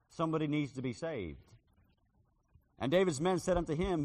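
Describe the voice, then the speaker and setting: A man's voice: a little high, big pitch swings, normal speed, pauses often, big-room sound. A man preaching a sermon, telling a personal story and acting out the voices of people in it. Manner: dramatic, acts out voices in his stories. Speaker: street preacher.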